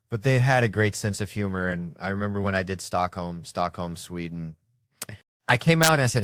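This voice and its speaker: Deep-voiced comedian telling rambling jokes. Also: male voice, a little fast, a bit bright, no echo, studio quality. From United States. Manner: rambling, joking storyteller. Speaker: comedian guest. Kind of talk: casual interview chat.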